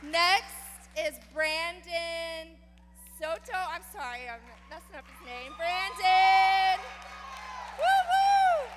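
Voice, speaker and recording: A woman's voice: very high voice, slow, bright, forceful tone, a little hiss or hum. A woman teacher handing out student awards at a graduation ceremony, enthusiastic and cheering each student on. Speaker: elementary school teacher. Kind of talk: award presentation speech. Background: audience crowd.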